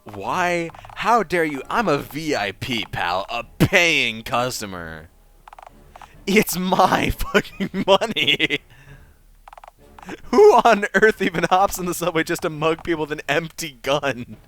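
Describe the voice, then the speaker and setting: A man's voice: on the low side, lively intonation, moderate pace, a bit bright, slight background noise. A man voicing a crude, bossy male mugger who calls a hotline in a game. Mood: indignant. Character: sleazy brash male mugger caller.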